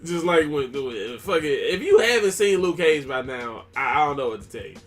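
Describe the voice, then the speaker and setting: High-voiced laid-back podcast man. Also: animated, brisk, a bit bright. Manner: profane, laid-back, slangy. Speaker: podcast co-host. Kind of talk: casual chat.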